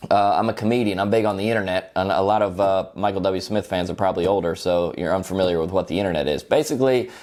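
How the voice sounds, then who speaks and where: A man doing roast-style stand-up comedy in a deadpan, mock-complaining, sarcastic way. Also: low voice, fast.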